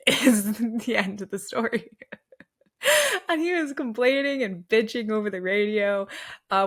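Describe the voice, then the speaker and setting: A young woman co-hosting a casual motorsport chat. She laughs through her sentences and jokes freely. Her voice sits in a middle register. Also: medium pitch. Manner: laughs often, animated and joking. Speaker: podcast co-host. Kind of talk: casual sports recap chat.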